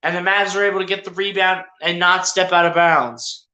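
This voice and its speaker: Bright, chatty play-by-play streamer in an echoey room. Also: medium pitch, fairly even intonation, moderate pace. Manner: chatty, addresses players and viewers directly, self-correcting. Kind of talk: casual live play-by-play commentary.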